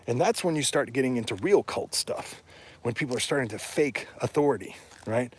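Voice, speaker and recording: A man talks casually, blunt and emphatic, his voice husky and a little rough at mid pitch. He keeps pushing his points and rises into indignant rhetorical questions. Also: animated, brisk. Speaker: podcast guest or host discussing heathen religion. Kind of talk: casual opinionated talk.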